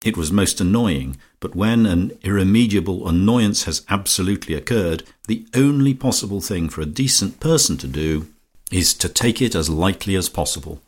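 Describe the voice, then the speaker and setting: A man reading a comic novel aloud as an audiobook narrator, in a measured, dry manner. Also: low voice, lively intonation. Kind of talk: scripted narration.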